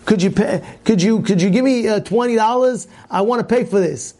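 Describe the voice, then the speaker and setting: A man voicing an indignant stranger in a store, shouting. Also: sits high, brisk, pitched above the performer's own voice. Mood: pleading. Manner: shouting, pleading then outraged.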